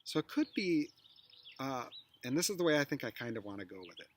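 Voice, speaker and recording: A middle-aged man teaches a lesson in biblical storytelling, speaking briskly in a very animated, medium-pitched voice. He tries out lines with different emphasis, and there's slight background noise.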